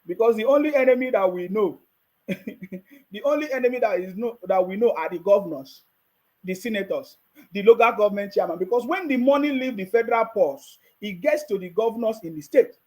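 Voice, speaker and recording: A man's voice: high voice, brisk, darkish tone, rough recording. A man with a Nigerian accent giving mocking, casual live-stream commentary and laughing often.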